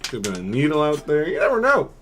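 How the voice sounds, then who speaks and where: A man's voice: on the high side, wildly swooping pitch, fast talker, fairly bright tone. A man co-hosting a casual podcast, telling stories in a playful way and laughing often. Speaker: podcast co-host. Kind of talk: casual chat.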